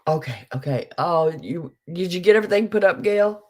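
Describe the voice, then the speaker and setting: Still groggy from just waking up, this middle-aged woman rambles through casual livestream chat while running an online sale and calling out viewers by name. Her fairly low, slightly mellow voice is animated and moves at a brisk clip.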